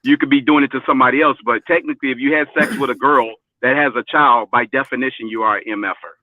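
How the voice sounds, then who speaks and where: A man's voice: mid-range voice, fairly even intonation, quick pace, dry recording, narrow, tinny audio. A man calling into a podcast chat, explaining things in a lecturing way. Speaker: caller. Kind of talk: casual chat.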